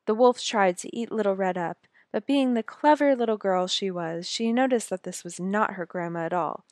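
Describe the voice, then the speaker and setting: A woman reads a fairy tale aloud in a gentle, measured way, keeping a steady middle pitch. The recording is close and dry, with no room around her voice. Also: no echo. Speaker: storyteller. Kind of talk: scripted storybook narration.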